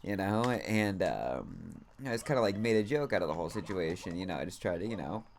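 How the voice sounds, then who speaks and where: A man streaming a game and chatting casually, with a slightly low voice. He rambles through his story, leaning on "like" and "you know" every few words and dropping casual swears along the way. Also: animated, quick pace, slight background noise.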